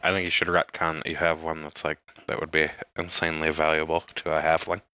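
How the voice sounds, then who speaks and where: A man's voice: a bass voice, flat delivery, fast, bright, forceful tone. A man playing a tabletop game, making dry jokes to the group. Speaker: player.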